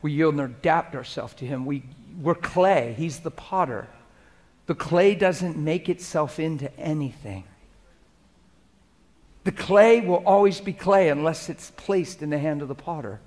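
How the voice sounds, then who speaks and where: A man preaching a sermon as pastor, swinging between loud exhortation and hushed, conversational prayer. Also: a little high, unhurried.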